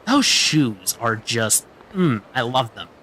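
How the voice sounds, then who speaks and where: A man's voice: mid-range voice, very animated, takes it slowly, sharp tone, a little hiss or hum. A man streaming a video game, chatting casually and joking as he plays. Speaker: VTuber streamer. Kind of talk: casual gameplay commentary.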